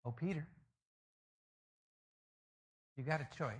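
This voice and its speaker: A man acting out a gentle teacher who softly invites a failed friend to come along. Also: fairly high pitch, rapid-fire, breathy edge. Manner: soft, gentle, coaxing.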